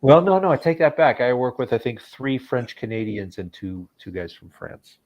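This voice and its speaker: A man's voice: mid-range voice, very animated, moderate pace, no room sound, muffled recording. A man chatting casually and hesitantly, often restarting and weighing how words are said. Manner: hesitant, restarts and ponders pronunciations. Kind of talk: casual chat.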